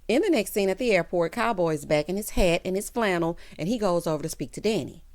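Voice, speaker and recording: A woman's voice: lowish voice, lively intonation, brisk. A woman chatting through a TV episode recap, sassy and dramatic, calling her listeners child and honey and acting out the characters' lines. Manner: sassy, calls the audience child, honey and baby. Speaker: TV recap vlogger.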